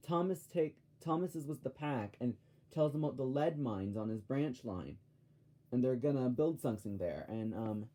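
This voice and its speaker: A man's voice: mid-range voice, dark tone. A man giving a casual episode-by-episode review, rambling and ranting, often stopping to correct himself.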